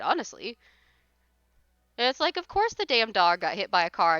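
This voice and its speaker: Woman streamer, casual exasperated rant, blunt and sweary, bright sharp tone, dry close sound. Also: mid-range voice, big pitch swings, moderate pace, clear, resonant tone, no echo, muffled recording. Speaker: livestreamer. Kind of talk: casual chat while gaming.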